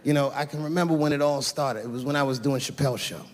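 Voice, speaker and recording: A man doing stand-up, telling a profane story in an animated way and putting on voices for the people in it. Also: mid-range voice, quick pace, very noisy. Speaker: stand-up comedian. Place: large theater stage before a live audience. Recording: reverberant hall with loud crowd laughter. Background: audience laughter.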